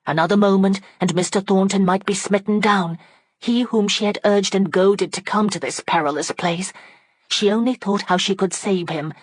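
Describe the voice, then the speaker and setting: A woman narrating an audiobook in a steady, dramatic storytelling manner on a close microphone. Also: mid-range voice, moderate pace, no echo. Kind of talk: scripted narration.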